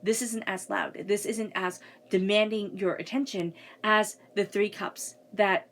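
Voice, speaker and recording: Woman tarot reader, meandering intuitive delivery, mid-range voice, quiet background hum. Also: mid-range voice, fairly even intonation, a little slow. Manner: flowing, searching, repeats words, soft asides. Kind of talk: spoken tarot reading.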